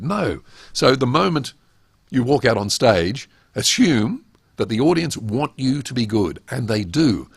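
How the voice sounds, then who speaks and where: A man's voice: mid-range voice, big pitch swings, measured pace, creaky, slightly rough, no room sound. A middle-aged man giving a webinar lecture on public speaking, emphatic and full of rhetorical questions.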